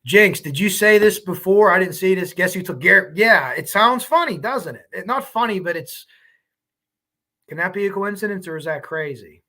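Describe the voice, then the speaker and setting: A man's voice: high-pitched, expressive, normal speed, sharp tone. A man hosting a true crime livestream, chatting casually and rambling as he reacts to viewer comments.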